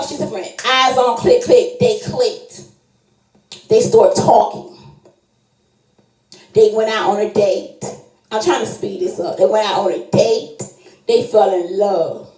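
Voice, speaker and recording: A woman's voice: echoey room, poor audio. A woman telling a story in a casual monologue, acting out every quoted voice as she goes. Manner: animated, acts out quoted voices with big pitch jumps.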